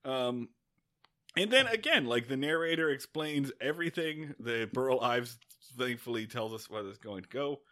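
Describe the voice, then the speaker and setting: A man co-hosting a podcast, recapping a film in casual, excitable chat, swearing freely. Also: medium pitch, moderate pace. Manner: excitable, swearing, animated retelling with acted-out quotes. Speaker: podcast co-host. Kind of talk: casual movie-review chat.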